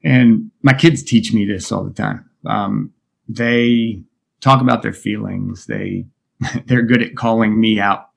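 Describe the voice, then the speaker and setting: A middle-aged man speaking as a podcast guest, talking candidly and reflectively, often pausing and restarting. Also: on the low side, fairly even intonation, creaky. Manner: reflective, open, halting with many restarts. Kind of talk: candid interview conversation.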